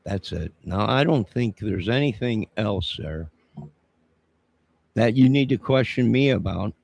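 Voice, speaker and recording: A man with a very low, gravelly voice talks on a live stream, indignant and sermon-like. He is husky and rough, and scolds his listener as 'sir'. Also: lively intonation, unhurried, darkish tone, dry recording. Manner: indignant, preachy, confrontational, keeps saying 'sir'. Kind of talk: rambling live-stream monologue.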